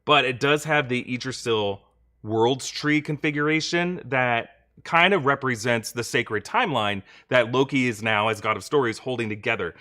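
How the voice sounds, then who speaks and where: Young male host, casual livestream Q&A, chatty and bright. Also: medium pitch, normal speed. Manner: chatty, reads viewer questions, thanks donors. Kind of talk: live-stream reaction Q&A.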